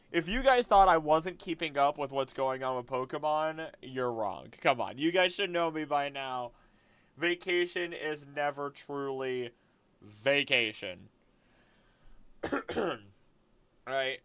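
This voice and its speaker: A man's voice: medium pitch, clear, resonant tone, dry recording. A young man hosting a casual live stream from home, rambling and chatting and laughing often. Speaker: livestream host. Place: home room.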